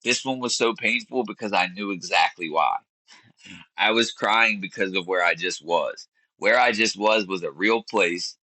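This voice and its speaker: A man's voice: low voice, pushed and bright, dry recording, rough recording. A man in his thirties, a podcast guest, telling a personal story earnestly and searching for words. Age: 30s. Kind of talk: candid interview storytelling.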